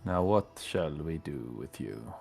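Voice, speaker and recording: A man's voice: rumbling low, lively intonation, slow pace, gravelly, darkish tone, husky, soft background music, pitched below the performer's own voice, full character voice. A man voicing a haughty, stern male character in a tabletop game, attempting a stiff accent. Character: haughty male NPC guarding his amulet.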